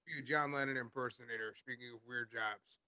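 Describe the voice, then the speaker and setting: A man's voice: medium pitch, steady tone, fairly quick, bright, forceful tone, no room sound. A man co-hosting a podcast, telling funny stories from his old jobs in casual chat. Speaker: podcast co-host.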